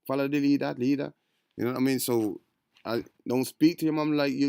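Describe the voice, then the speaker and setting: A man's voice: medium pitch, fairly even intonation, brisk, creaky, darkish tone, clear, resonant tone, no echo, studio quality. A man giving rambling, slangy commentary on an interview clip, calling his listeners bro and family. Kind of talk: casual reaction commentary.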